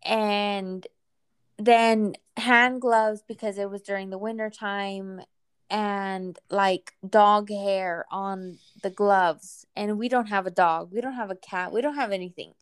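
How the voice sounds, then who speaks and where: A woman casually telling a personal story in a relaxed, chatty way, sometimes acting out what people said. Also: mid-range voice, slow, clean tone. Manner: relaxed, chatty, acts out quoted voices.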